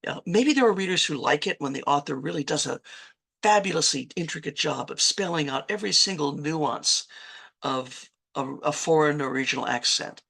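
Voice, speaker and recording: Gravelly, bright-voiced woman teaching writing. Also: sits low, lively intonation, normal speed. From Virginia, US. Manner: conversational, self-correcting, chatty asides. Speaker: writing instructor. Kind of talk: online workshop lecture.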